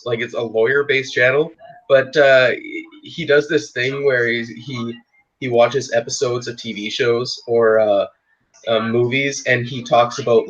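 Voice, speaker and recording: A man's voice: medium pitch, fairly bright tone, dull audio. A man co-hosting a casual podcast chat, laid-back, laughing often and swearing freely. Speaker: podcast co-host.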